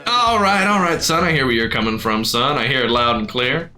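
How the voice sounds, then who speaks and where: A man's voice: mid-range voice, animated, extremely slow, a bit bright, faint music behind. A man voicing a boisterous, folksy old male fighting-club boss in a game, with a drawling country twang.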